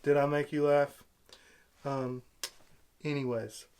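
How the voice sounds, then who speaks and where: A man's voice: on the high side, level tone, slow pace, darkish tone, smooth. A man giving an angry, sarcastic movie review rant, exasperated and repeating himself. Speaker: video blogger.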